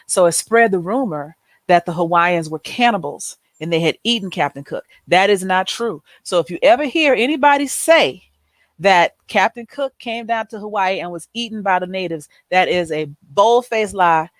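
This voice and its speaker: A woman's voice: mid-range voice, moderate pace, no echo. A woman hosting a show, telling a story in a casual chat style and acting out the people in it with changed voices. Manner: animated, acts out quoted people in changed voices. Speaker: host.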